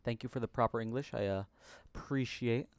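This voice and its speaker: A man's voice: medium pitch, fairly quick, no room sound. A young man hosting a casual live coding stream at his home computer desk, chatty and muttering to himself, with jokey broken-English asides. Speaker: livestream host coding.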